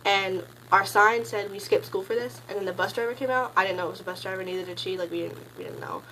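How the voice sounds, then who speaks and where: A woman's voice: fast, slight background noise, low-quality recording. Gushing teen girl rambling about a concert. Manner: gushing, rambling, heavy use of "like"; bursts into high excited squeals when quoting. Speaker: concert fan recounting a meet and greet. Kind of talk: casual storytelling vlog.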